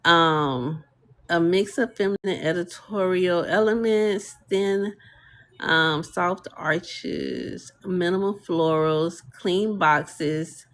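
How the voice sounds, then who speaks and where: A woman's voice: lowish voice, slow pace. A woman hosting a casual live tutorial, chatting with viewers and reading their comments aloud, with easy fillers and laughter. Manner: chatty, talks to viewers and reads chat aloud. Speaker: live stream host demonstrating a design tool. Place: home desk, streaming live.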